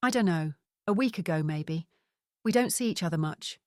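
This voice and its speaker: A woman's voice: fairly low pitch, expressive, moderate pace, a little mellow, no room sound, studio quality, natural voice. A woman voicing a French boat skipper in his thirties, with a French accent and terse, broken English.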